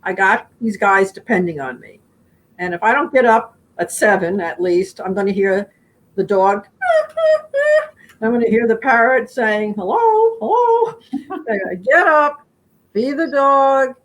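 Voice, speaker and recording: A middle-aged woman with a slightly raised pitch talks at length in an interview. She rambles warmly, pausing with fillers, and playfully mimics her animals now and then. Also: low-quality recording. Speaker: guest speaker. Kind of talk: conversational interview answers.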